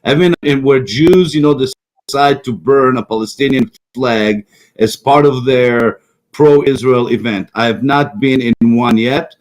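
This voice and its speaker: A man's voice: mid-range voice, a little slow, rough recording. Rambling, mocking middle-aged man. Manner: rambling, mocking, repeats himself. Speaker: talk show co-host. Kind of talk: casual political chat.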